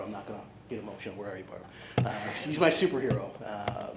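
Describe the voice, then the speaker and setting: A middle-aged man speaks at a podium, earnest and halting, stumbling over fillers and restarts. His voice rings through a large, echoey conference hall. Loud steady noise sits under the whole recording. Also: lowish voice. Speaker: new athletics director. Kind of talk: emotional press conference speech.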